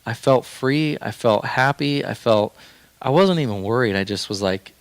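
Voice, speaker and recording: A man's voice: medium pitch, normal speed, clean tone, no room sound. A young man sharing a personal faith story on a podcast, earnest and heartfelt, rambling with fillers and restarts as he talks.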